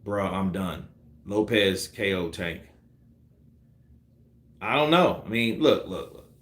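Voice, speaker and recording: A man's voice: low voice, takes it slowly, reverberant. A man giving casual, profane boxing commentary on a live stream, acting out punch combinations. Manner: animated, profane, acts out punch sequences.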